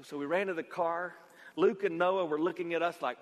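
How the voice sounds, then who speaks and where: A man preaching a sermon as pastor, telling a story with acted-out dialogue that swings from loud to quiet. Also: a little high, fairly even intonation, a little fast, in a large hall.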